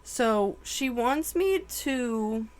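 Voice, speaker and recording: A woman tarot reader giving a channeled reading, emotional and halting, full of "like" fillers. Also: on the high side, animated.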